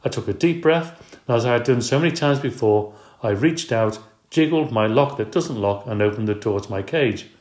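A man reading a children's book aloud in a steady, expressive way. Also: medium pitch, normal speed. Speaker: storyteller. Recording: roomy echo.

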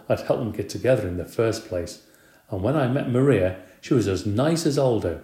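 Male audiobook narrator, low mellow voice, gently expressive, echoey room. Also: moderate pace. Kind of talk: scripted narration. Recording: roomy echo.

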